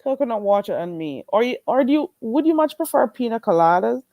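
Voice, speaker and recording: A woman hosting a casual livestream, greeting viewers in a playful, animated way and laughing often. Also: on the high side, brisk, no room sound, dull audio. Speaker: livestream host.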